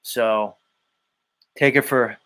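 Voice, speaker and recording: A man's voice: mid-range voice, steady tone, extremely slow, bright, forceful tone. A man hosting a casual live stream, reading chat messages aloud and bluntly teasing viewers. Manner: blunt, teasing, swears freely. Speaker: live stream show host.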